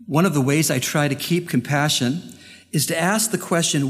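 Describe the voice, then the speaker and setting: A male pastor preaching a sermon and telling a story, earnest and deliberate with pauses. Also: on the high side, husky. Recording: long hall reverb.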